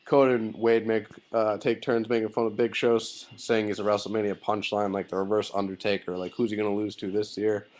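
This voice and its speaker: A man's voice: on the low side, little pitch movement, fairly quick, few pauses, darkish tone. A man giving a casual video review of a wrestling show, loose and rambling with many fillers and blunt, swearing opinions. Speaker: wrestling vlogger.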